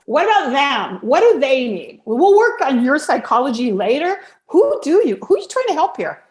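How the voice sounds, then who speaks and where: A woman, a speaking coach, talking over a video call in a blunt, animated way and laughing often. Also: high voice, moderate pace, reverberant. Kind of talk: casual interview chat.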